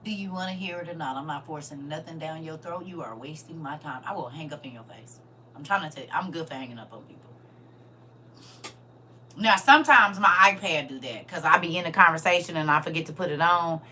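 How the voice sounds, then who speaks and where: Blunt, animated woman with a bright voice. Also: low-pitched, a little fast, slight background noise. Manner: blunt, animated, talks to her audience as y'all and baby. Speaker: livestream host. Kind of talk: casual chat to viewers.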